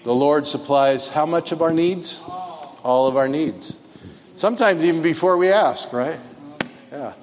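A man leading a church sermon and inviting the congregation to share, speaking haltingly with many fillers. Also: a little high. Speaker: pastor. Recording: long reverb in a church.

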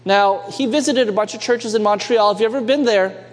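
High-voiced young man preaching in reverb. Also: fairly quick. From Canada. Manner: lively storyteller, asks the congregation for amens. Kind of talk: sermon storytelling. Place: church sanctuary. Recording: long reverb in a church hall.

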